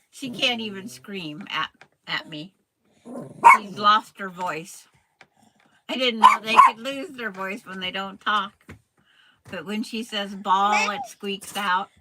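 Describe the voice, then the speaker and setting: An older woman talks slowly and unhurriedly, her pitch rising and falling in a lively sing-song. She chats casually as a quilting host and slips into cooing baby talk. The home recording carries steady background noise. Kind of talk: casual live chat.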